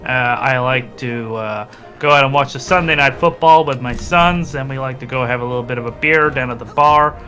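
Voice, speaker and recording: Brief: a man putting on an ordinary middle-aged American dad, slow and bright, faint music behind. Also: a little high, completely flat delivery. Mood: folksy. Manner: slow, deliberate put-on American accent.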